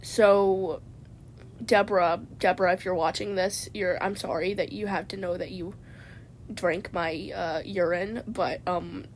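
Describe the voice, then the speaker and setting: A woman's voice: lowish voice, fairly even intonation, measured pace, a little hiss or hum. A woman vlogger telling a rambling comedic story from inside a parked car, stammering and tacking "man" onto her sentences.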